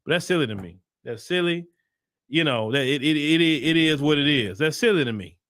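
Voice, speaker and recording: A man's voice: fairly high pitch, lively intonation, fairly quick, fairly bright tone, no room sound, studio quality. A man hosting a solo political commentary show, talking emphatically and firing off repeated rhetorical questions, with sarcastic asides while browsing websites on screen.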